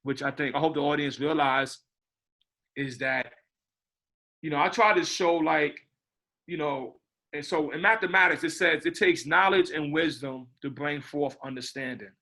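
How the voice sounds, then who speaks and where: Man, film director, bright tone, fairly high voice, casual rambling interview talk. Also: steady tone, moderate pace. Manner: rambling, repeats words, says "you know what I mean".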